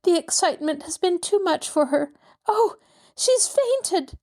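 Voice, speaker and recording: A woman's voice: very high-pitched, lively intonation, unhurried, dark tone, voice pushed up, heavily acted. A woman voicing an anxious older woman crying out in alarm for her friend.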